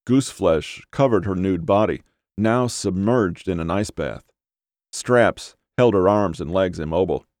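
Deep male narrator, dry close sound, steady measured horror audiobook read. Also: no echo.

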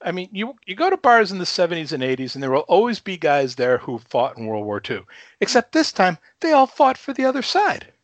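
A man in his fifties from Chicago, guest on a casual talk show, telling a story with lively energy, swearing freely and chuckling between lines. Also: high voice, fairly quick, no echo. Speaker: podcast guest.

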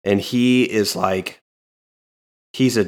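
Low-voiced man recapping casually. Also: takes it slowly. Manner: relaxed, meandering, frequent ums. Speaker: podcast co-host. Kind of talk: casual chat recapping a comic.

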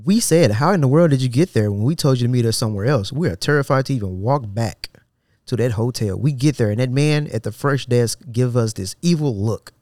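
A man's voice: mid-range voice, brisk, darkish tone, dry recording, studio quality. A man hosting a podcast, reading a social media thread aloud in a loose, slangy way and stopping often to mock it with sarcastic disbelief. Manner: sarcastic and incredulous, breaks off reading to mock the poster; loose, slangy delivery with frequent restarts. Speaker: podcast host.

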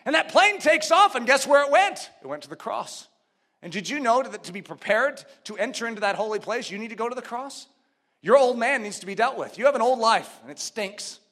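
A man preaching a sermon, swinging between shouted emphasis and hushed low asides, building rhythmic repeated phrases. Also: expressive, brisk.

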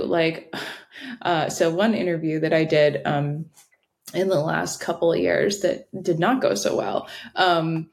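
A woman's voice: deep voice, darkish tone. A woman in her thirties, a former founder, talking candidly and bluntly as a podcast guest, swearing freely. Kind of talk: casual podcast conversation.

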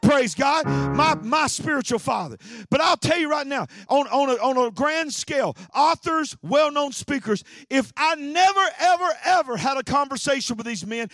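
A man, a pastor preaching an energetic sermon with frequent shouts and repeated phrases. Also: very high-pitched, dry recording, studio quality.

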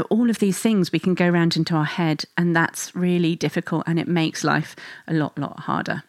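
A mother speaking to listeners about parenting stress in a gentle, reassuring, conversational way. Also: fairly low pitch, no room sound. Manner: gentle and reassuring, acts out stressed inner thoughts. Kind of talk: reflective talk to listeners.

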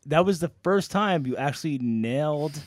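A man's voice: fairly high pitch, lively intonation, moderate pace, no echo. Joking man podcast co-host. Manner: joking, profane banter. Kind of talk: casual chat.

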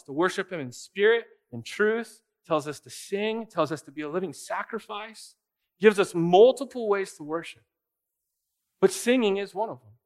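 A man delivers a sermon in a loose, conversational style. He slips into quoted voices and leans hard on his key points. His voice sits slightly higher than most men's. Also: fairly bright tone. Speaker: pastor.

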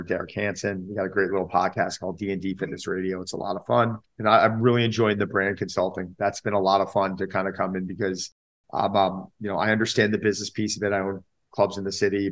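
A man being interviewed as a fitness trainer on a remote call, telling stories in a lively way and jumping up in pitch when he mimics other people. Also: fast. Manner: animated storyteller, jumps high when mimicking others. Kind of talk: casual interview chat. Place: New York.

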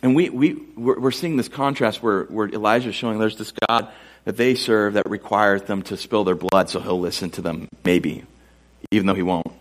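A man's voice: fairly low pitch, steady tone, moderate pace. A man preaching a sermon to a live congregation, conversational and joking in his asides. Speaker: pastor. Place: church before a live congregation.

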